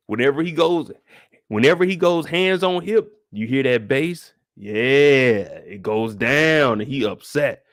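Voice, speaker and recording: Animated man recapping a TV episode. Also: medium pitch, dry recording, studio quality. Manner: animated, acts out characters in quick bursts. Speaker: show recap host.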